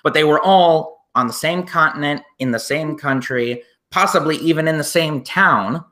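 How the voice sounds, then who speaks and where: A man's voice: fairly high pitch, moderate pace, pushed and bright. A man co-hosting a casual music podcast, rambling through ideas with frequent "right?" asides. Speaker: podcast co-host.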